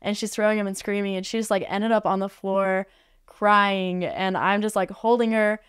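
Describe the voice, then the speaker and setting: A woman's voice: medium pitch, flat delivery, normal speed, clean tone, dry recording, studio quality. A woman guest on a podcast, telling a story casually and chattily, with lots of "like" fillers. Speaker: podcast guest, art facilitator. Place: podcast studio.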